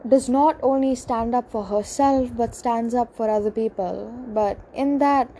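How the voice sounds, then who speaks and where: A young woman telling a personal story in a halting, emotional confessional monologue, full of pauses and restarts. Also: on the high side, dark tone, a little hiss or hum, rough recording. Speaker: speaker sharing a personal story.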